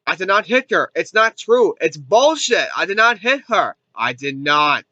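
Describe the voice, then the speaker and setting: A wounded, melodramatic man pleads and protests in a high, strained voice that breaks into shouting, as a man puts him on. The tone is bright and cutting. The recording sounds dull and lo-fi. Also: big pitch swings, moderate pace, no echo, exaggerated voice. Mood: indignant. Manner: overwrought, shouting, repetitive.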